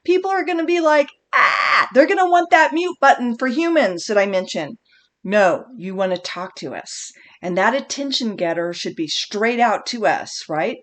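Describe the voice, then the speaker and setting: A woman speech instructor giving a recorded online lecture, animated and conversational, often correcting herself mid-sentence. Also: medium pitch, moderate pace.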